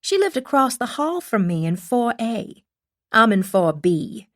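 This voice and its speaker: A friendly young mother with a strong Southern accent, performed by a female audiobook narrator. She speaks slowly and gently, drawing out her words in a confiding way. Her voice is set a little higher and softer than the narration. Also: sing-song.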